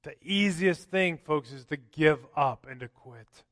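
Bright-voiced preacher in a reverberant church. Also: male voice, on the high side, a little slow, clean studio sound. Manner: conversational preaching, frequent "right?" asides, acts out quotes. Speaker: pastor. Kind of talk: sermon. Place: church sanctuary.

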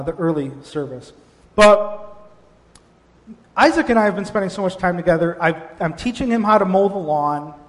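High-voiced pastor man in a reverberant hall. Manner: animated storytelling with frequent restarts. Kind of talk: sermon. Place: church sanctuary.

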